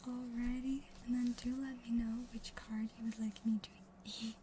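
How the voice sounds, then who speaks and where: Young woman in soft ASMR whisper. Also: on the high side, level tone, normal speed, a little hiss or hum, rough recording. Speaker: card-opening livestreamer.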